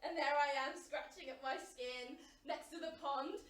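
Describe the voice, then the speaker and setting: High-voiced woman in echoey space. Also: unhurried. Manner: dramatic swings from hushed murmurs to loud outbursts. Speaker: solo performer. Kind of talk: theatrical comic monologue. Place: live stage performance. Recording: echoey room from far off.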